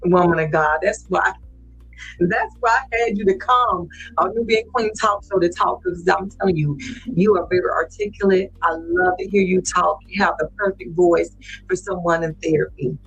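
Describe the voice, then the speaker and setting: Husky, effusive woman talk show host. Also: normal speed, a bit bright, highs cut off. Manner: effusive, repeats herself, swoops in pitch. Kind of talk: casual interview chat. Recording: faint music underneath.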